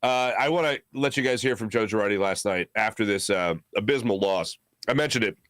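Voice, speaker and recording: A man's voice: lowish voice, a little fast, fairly bright tone, dry recording, studio quality. A man hosting a casual solo sports talk show, rambling along with lots of filler "uh"s and joking asides.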